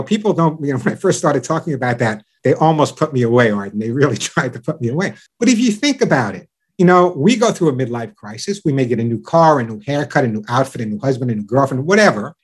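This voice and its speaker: A middle-aged man, a pet radio host and dog trainer, chatting as a guest with lively enthusiasm and acting out owners and dogs. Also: fairly high pitch, brisk, breathy edge. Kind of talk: enthusiastic interview chat.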